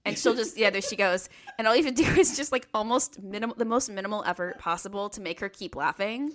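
A woman's voice: mid-range voice, fast. A woman co-hosting a podcast in casual chat, playful and teasing with a rambling way of talking. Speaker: podcast co-host.

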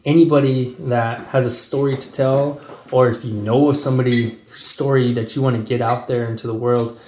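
A man hosting a relaxed podcast, talking earnestly with frequent restarts. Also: medium pitch, moderate pace, a little hiss or hum. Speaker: podcast host. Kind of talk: casual podcast chat. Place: small room with a microphone. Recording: echoey room.

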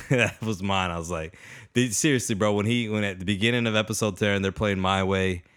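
Co-host, male, very deep voice, excitable and slangy in casual talk. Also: brisk, smooth. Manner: excitable, slangy, acts out his own reactions. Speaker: podcast co-host. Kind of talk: casual chat.

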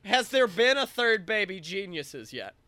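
A man from Alabama co-hosting a comedy podcast, riffing excitably in casual chat. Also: sits high, unhurried, no echo. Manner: excitable, riffing, lots of voices. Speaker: podcast co-host.

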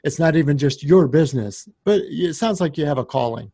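Man, mellow tone, dry sound, affirming interview host. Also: on the high side, animated, a little fast, breathy edge, no echo. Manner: affirming, reflective questioner. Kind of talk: casual interview.

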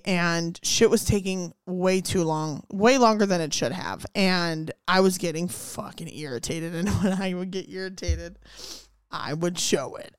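A woman's voice: fairly low pitch, smooth, no room sound, clean studio sound. Woman in casual, profane chat. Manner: profane, animated storytelling with quoted voices.

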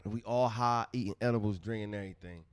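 A man's voice: fairly low pitch, fast talker, clean tone, no echo. A man co-hosting a podcast, telling loose, profane stories in casual chat. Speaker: podcast co-host.

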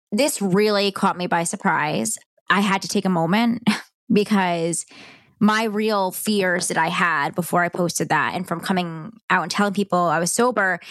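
A woman's voice: on the low side, fairly bright tone, no room sound, studio quality. A middle-aged woman hosting a podcast, telling a personal story in a candid, heartfelt, conversational way. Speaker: podcast host.

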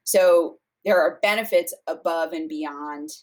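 Woman, low voice, nutrition expert guest, casual podcast chat, lots of fillers. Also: a little slow. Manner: explanatory, with frequent fillers and restarts. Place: podcast studio.

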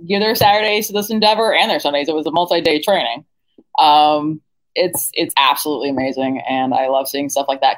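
A woman's voice: deep voice, rough recording. A woman guest-hosting a podcast, upbeat and enthusiastic in casual chat. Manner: upbeat, enthusiastic, laughs easily. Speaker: guest host.

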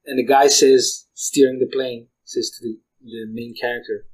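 A man's voice: mid-range voice, flat delivery, moderate pace, hardly any pauses, a little mellow, low-quality recording. A man in a casual chat, telling a story animatedly and laughing often. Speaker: conversation partner.

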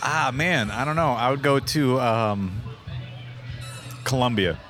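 A young man co-hosting a podcast with a smooth radio voice, dry humor and slow fillers. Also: mid-range voice, a bit bright, faint music behind. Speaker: podcast co-host. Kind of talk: casual chat.

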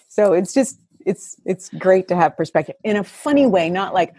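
Woman guest, lively storyteller, husky voice, dry close mic, laughs a lot. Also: medium pitch, fairly quick, no room sound. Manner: animated storyteller, laughs often, acts out her own thoughts. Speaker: guest coach. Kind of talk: casual podcast conversation.

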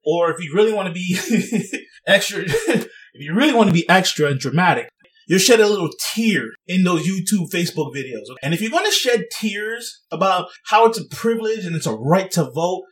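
A man's voice: high voice, a bit bright, distant mic. A young man giving sarcastic, rambling casual commentary and laughing at his own jokes. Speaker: vlogger.

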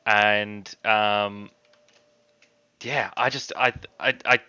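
An Australian man talks rugby in an earnest, stumbling way, repeating words as he thinks. His voice is bright and crisp, close and dry, though the sound is a little dull. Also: on the low side, fairly even intonation, very slow, no room sound. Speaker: podcast co-host. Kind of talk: casual rugby chat. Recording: dry, slightly dull mic.

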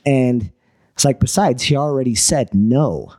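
Unhurried and medium-pitched, this entrepreneur guest tells a story conversationally, swearing along the way. He brings it to life by animatedly performing the quoted dialogue.

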